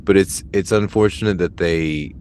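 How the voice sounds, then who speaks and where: A man chatting casually on a podcast, musing out loud, hesitant, often laughing and trailing off mid-thought. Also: low voice, normal speed, a little hiss or hum. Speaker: podcast guest.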